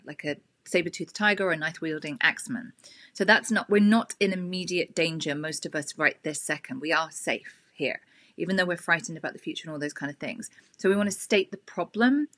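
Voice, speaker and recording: A woman hosting a sobriety support session, calmly guiding listeners through breathing and tapping with slow, gentle instructions. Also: on the low side. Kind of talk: live guided tapping session.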